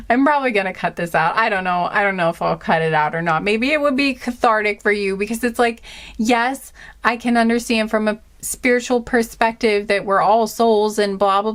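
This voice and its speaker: A young woman giving a casual tarot reading, talking in an animated, indignant way, rambling with many restarts and filler words. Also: a little high. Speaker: tarot reader.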